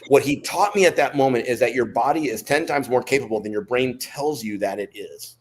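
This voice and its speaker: A man's voice: medium pitch, brisk. Laughing storyteller man in his fifties. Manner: animated storyteller who laughs between anecdotes. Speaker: podcast guest, former Navy SEAL. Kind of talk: casual storytelling interview.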